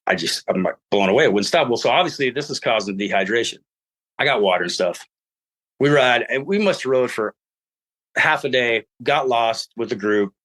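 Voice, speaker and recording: A middle-aged man telling a story in casual podcast talk, acting out his own past lines and laughing as he goes. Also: mid-range voice. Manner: animated, acts out his own past dialogue; laughs while telling stories. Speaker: podcast guest.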